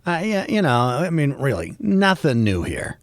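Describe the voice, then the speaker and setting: A man with a Boston accent rambles through a solo podcast monologue, wandering from topic to topic with joking asides. His voice sits at an ordinary middle pitch. The sound is dry and close, with no room around it. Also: very animated, normal speed, no room sound. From Boston area, USA. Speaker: podcast host.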